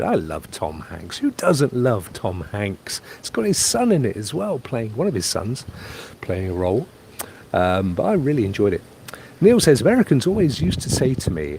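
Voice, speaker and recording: A man from England live streams from beside a private pool on holiday, casually reading viewer comments and rambling about the trip. His medium-pitched voice is a little mellow, with slight background noise.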